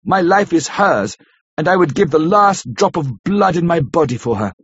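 A man's voice: fairly high pitch, expressive, moderate pace, breathy edge, pitched above the performer's own voice. A man voicing an earnest, devoted young man who speaks eagerly and pleadingly. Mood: anxious. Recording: dull lo-fi recording.

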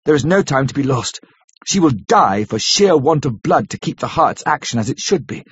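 A man voicing a grave, kindly older professor who speaks in solemn, formal, halting phrases. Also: medium pitch, very animated, slightly rough, dry recording. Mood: urgent. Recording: dull lo-fi recording.

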